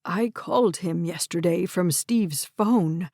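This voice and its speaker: A woman's voice: on the low side, slow pace, darkish tone, no room sound, studio quality. A woman voicing a tearful old grandfather. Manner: quavering, hesitant. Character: frail, kindly old grandfather, shaken and tearful.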